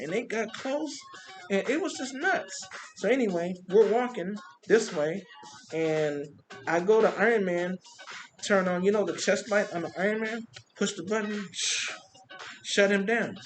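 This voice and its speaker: A man who works as a street performer, telling animated stories from a parade in a casual monologue, with vocal sound effects. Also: high voice, normal speed, soft background music. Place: Compton.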